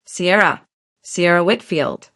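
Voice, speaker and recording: Woman reading tough young janitor, terse, nervous edge, lower voice. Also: slow, a bit bright. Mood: tense.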